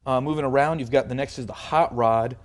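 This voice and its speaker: In a casual walkthrough of a guitar amplifier, a man loosely explains the settings, full of fillers and hedges. His mid-range voice keeps a steady tone and a brisk pace.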